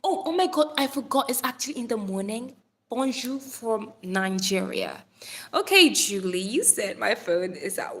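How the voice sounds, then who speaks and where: A bubbly young woman hosts a casual live stream on her phone, chatting warmly with her viewers. Her voice sits a little high, and she jokes, teases, calls people darling and drops the odd swear word. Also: expressive, moderate pace. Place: Nigeria.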